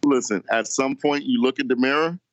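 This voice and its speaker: A man co-hosting a sports podcast in casual chat, talking haltingly with many restarts. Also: mid-range voice, dry recording, lo-fi sound. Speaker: podcast co-host.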